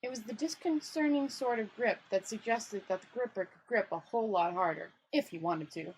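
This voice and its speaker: A woman's voice: medium pitch, fairly quick, slight background noise, poor audio. A woman reading a novel aloud as a storyteller in a casual way, stumbling and rereading lines.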